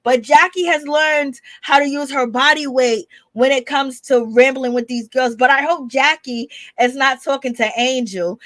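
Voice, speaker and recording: A woman's voice: high-pitched, no echo. A woman hosting a casual recap stream, talking to her viewers with lots of laughter and slang. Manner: animated, laughing, addresses viewers as y'all. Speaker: reality TV commentary host.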